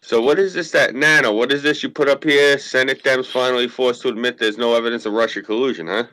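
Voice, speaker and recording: A man with a New York accent hosts a loose online chat, brash and profane as he tells his stories. His voice sits at an ordinary pitch. The sound is dry and close, with no room in it. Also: fairly even intonation, quick pace, bright, forceful tone, no echo, rough recording. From Queens, New York. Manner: brash storytelling, swears freely. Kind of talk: casual chat.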